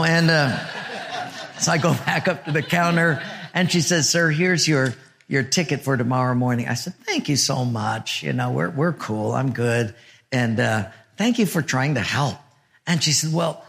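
A male pastor preaching a sermon and telling a personal story, animated, dropping to a hushed murmur for his inner thoughts. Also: mid-range voice, vocal fry.

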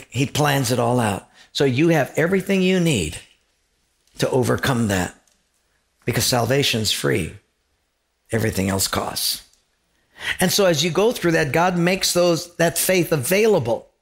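A man's voice: mid-range voice, animated, unhurried, gravelly. A male pastor preaching a sermon in a conversational, emphatic way, often asking his listeners questions.

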